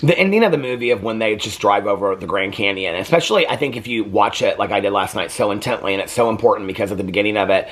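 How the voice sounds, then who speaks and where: A man's voice: on the low side, animated, fast talker, hardly any pauses. Chatty, rambling man in his fifties. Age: 50s. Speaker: host. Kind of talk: casual movie review vlog.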